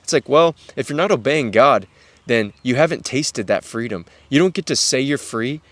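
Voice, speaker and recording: A young man speaks earnestly to other men in a casual devotional talk, circling back on his points and dropping almost to a hush when he addresses them directly. His voice sits at an ordinary middle pitch. The recording is close and dry, with no room around it. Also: animated, normal speed, no room sound. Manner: earnest, repetitive, drops to near-whisper on "guys". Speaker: Christian podcast host.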